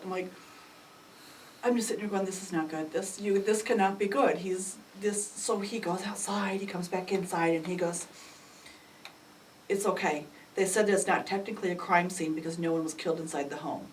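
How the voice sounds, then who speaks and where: Middle-aged mother, storytelling interview, animated, voice leaps high when quoting, recorded from a distance with light room noise. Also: fairly quick. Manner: animated, acts out quoted dialogue with sudden jumps in pitch. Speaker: mother recounting a family crisis. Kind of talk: emotional personal storytelling. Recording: distant mic with faint ambient noise.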